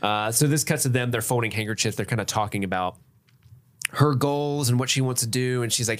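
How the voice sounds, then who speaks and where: A man's voice: mid-range voice, fairly quick. A man co-hosting a film podcast in a casual chat, playfully recapping scenes and acting out the characters. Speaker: podcast co-host.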